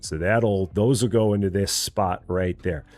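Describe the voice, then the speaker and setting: Stocking shelves in a store simulator, a middle-aged streamer talks casually to himself and responds to viewers by reading their chat messages out loud. He speaks low and a bit mellow at a measured pace, with no room sound and faint music underneath.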